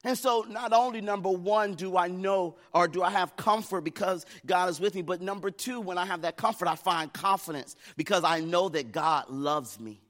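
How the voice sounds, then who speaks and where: A man's voice: sits high, normal speed, hardly any pauses, fairly bright tone. A middle-aged man from the United States preaching a sermon, telling a family story in a conversational way that builds to fervent preaching. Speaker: pastor.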